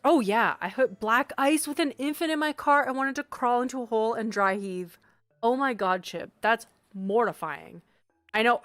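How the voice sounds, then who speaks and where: A chatty Canadian woman streams while she works, reading chat aloud and reacting with bright, sudden exclamations. Her voice sits at an ordinary middle pitch, recorded close and dry with faint music playing underneath. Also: no echo. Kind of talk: casual live-stream chat.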